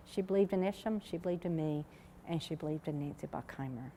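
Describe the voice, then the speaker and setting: A woman's voice: on the low side, fast. A woman, giving an emphatic, story-driven conference talk as a researcher. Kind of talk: conference keynote speech. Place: large conference hall. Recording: reverberant lecture hall.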